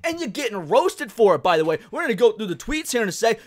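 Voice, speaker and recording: Male commentary ranter, high-pitched, profane, stammers on repeats. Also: big pitch swings, fast, hardly any pauses. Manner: ranting, profane, repeats words when worked up. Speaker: commentary YouTuber. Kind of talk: reaction commentary.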